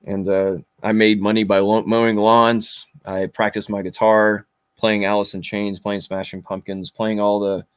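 A man's voice: lowish voice, little pitch movement, moderate pace, clear, resonant tone, dry recording. A man in his forties, a podcast guest, bluntly and intensely recounting his own past with frequent fillers. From Kentucky. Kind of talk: personal storytelling.

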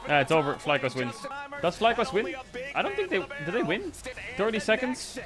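A man streaming a match, reacting with excited commentary, swearing and laughing often. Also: high-pitched, fairly quick.

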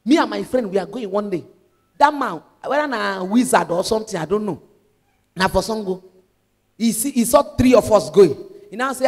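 Lively Nigerian woman evangelist preaching. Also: mid-range voice, big-room sound. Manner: animated preaching, mixing in Pidgin. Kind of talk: sermon.

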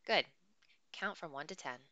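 Lady voicing a no-nonsense outdoorsy woman, firm but kind, low and crisp, storybook reading. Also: animated, moderate pace, sharp tone, no echo, muffled recording. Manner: firm but not nasty, plain and practical. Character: tall firm adult woman rescuer in the wild.

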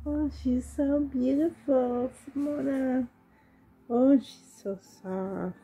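A woman's voice: high voice, takes it slowly, breathy edge, phone-quality sound, soft background music. A woman vlogger gushing with delight as she unboxes and cuddles a doll, rambling and full of fillers. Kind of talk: excited unboxing vlog.

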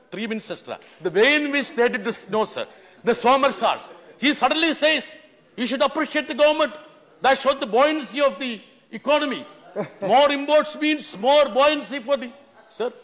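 Indian-accented middle-aged male MP, fervent, high voice, long hall reverb. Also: fairly bright tone. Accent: Indian English. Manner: impassioned, keeps pleading "sir", rhetorical lists. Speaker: member of parliament giving a speech. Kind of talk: parliamentary speech. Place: large legislative chamber. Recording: echoey chamber with long reverb.

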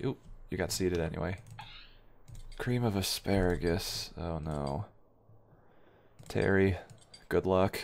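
Young male gaming host, deep and gravelly, dry offhand muttering over keyboard clicks. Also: slow, pauses often, slight background noise. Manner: offhand, wry muttering while playing. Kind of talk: let's play commentary.

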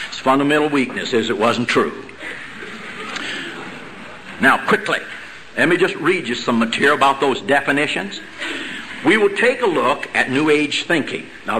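Sharp, emphatic middle-aged man preaching. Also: mid-range voice, a little hiss or hum, poor audio. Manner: emphatic, repeats key words, peppers talk with rhetorical "see?" and dry joking asides. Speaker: convention speaker. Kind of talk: lecture-style sermon.

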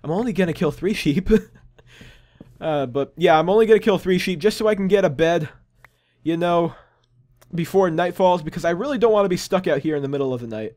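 A man's voice: sits high, a little fast, a little mellow. A young man hosting a gaming channel, chatting casually and rambling with upbeat, self-amused asides while he plays. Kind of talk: casual gameplay commentary.

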